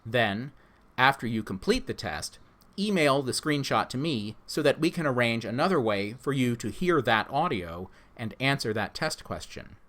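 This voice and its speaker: A man, the instructor, reading a scripted orientation for his online course in a measured, instructive way. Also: medium pitch, sing-song, a bit bright.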